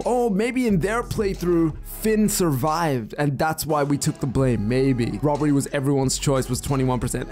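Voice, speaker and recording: Excitable man commentating a game. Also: on the high side, moderate pace, hardly any pauses, soft background music. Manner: excitable, slangy, reacts out loud. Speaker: gaming commentator. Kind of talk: let's play commentary.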